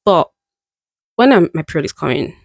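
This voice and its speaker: A woman's voice: sits low, expressive, moderate pace, gravelly, darkish tone, husky, no echo. A young woman vlogging in a candid, musing way, often laughing at herself as she reflects. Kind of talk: reflective casual monologue.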